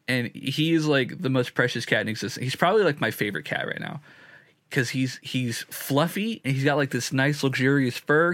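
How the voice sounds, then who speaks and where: A man's voice: mid-range voice, fairly bright tone, dry recording, studio quality. A young man in his twenties co-hosting a casual comedy podcast, goofy and slangy in his chat. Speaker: podcast co-host.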